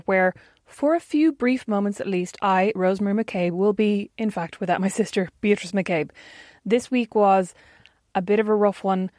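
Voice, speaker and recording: Woman, podcast co-host, casual chat, dry close mic, mid-pitched. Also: normal speed, a little mellow, no room sound. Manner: chatty, self-deprecating, laughs often.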